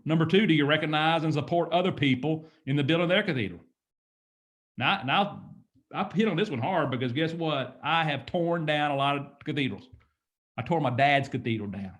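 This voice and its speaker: A man's voice: on the high side, fairly bright tone. A man in his fifties giving an emphatic, preachy motivational talk, often asking "guess what?". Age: 50s. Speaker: motivational speaker.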